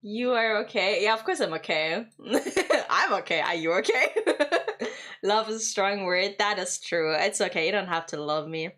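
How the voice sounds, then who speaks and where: A woman's voice: medium pitch, lively intonation, moderate pace, a bit bright. A young woman, chatting casually and playfully with her stream viewers and giggling often. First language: German.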